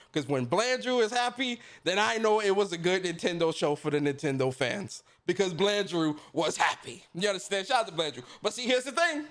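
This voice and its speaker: A man hosting a casual gaming livestream, greeting viewers by name in a laid-back, slangy way. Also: fairly high pitch. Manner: laid-back slangy shout-outs, lively. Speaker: podcast host.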